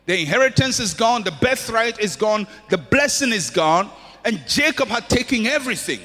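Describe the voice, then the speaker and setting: A man's voice: sits high, lively intonation, normal speed, sharp tone. A man preaching a sermon with an impassioned, repetitive cadence in a church hall. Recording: long hall reverb.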